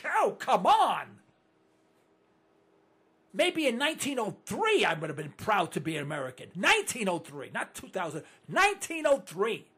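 New talk radio guy going hoarse, husky, ranting, voice jumps all over and goes up high. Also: normal speed. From New York. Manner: animated ranting, mocking voices, sudden loud outbursts. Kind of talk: ranting call-in radio monologue.

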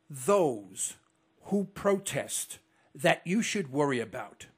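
A middle-aged man from New York hosting a call-in radio talk show, speaking formally, slowly and deliberately. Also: high-pitched, husky.

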